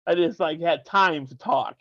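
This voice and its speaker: A man's voice: a little high, measured pace, a bit bright, no echo. A man co-hosting an internet radio show, chatting casually and rambling with frequent restarts. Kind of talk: casual chat. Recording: slightly dull dry sound.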